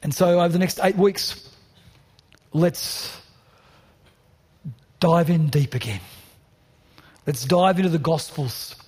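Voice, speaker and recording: A man's voice: on the high side, slow pace, long pauses, a little mellow, breathy edge. A man preaching a sermon as pastor, passionate and building to emphatic repeated lines. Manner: passionate, rising to emphatic repetition. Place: church hall.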